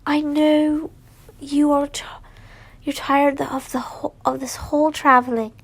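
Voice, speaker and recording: A woman voicing a gentle, apologetic young man who comforts his fiancé, speaking softly and haltingly, often near a whisper. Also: high voice, flat delivery. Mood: tender.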